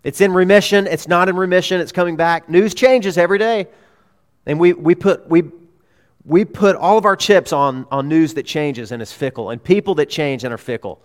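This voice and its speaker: Emphatic pastor preaching a sermon. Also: male voice, a little high, moderate pace. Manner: emphatic, repeats key phrases, swings between loud urgency and hushed tones.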